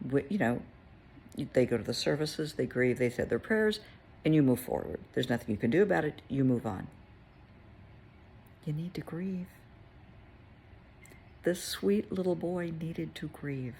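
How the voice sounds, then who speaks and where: Gravelly-voiced woman therapist telling a story. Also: low voice, lively intonation, measured pace, long pauses, darkish tone, slight background noise. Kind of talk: casual storytelling to camera.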